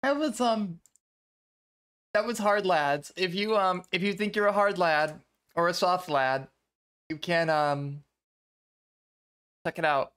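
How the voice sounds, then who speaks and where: A woman's voice: lowish voice, slow, pauses often, a bit bright. A young woman streaming live, chatting casually and laughing often as she reacts to a video.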